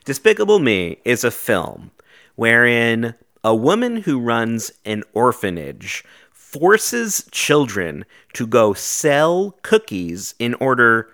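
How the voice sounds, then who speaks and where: A man's voice: mid-range voice, sing-song, slow pace, a bit bright. A man co-hosting a casual podcast, wry and joking as he delivers hot takes. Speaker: podcast co-host.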